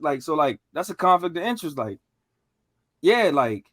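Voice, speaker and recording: A man on a podcast telling stories in a casual, animated way, full of slang and profanity. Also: fairly high pitch, normal speed, long pauses, dry recording. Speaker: podcast co-host.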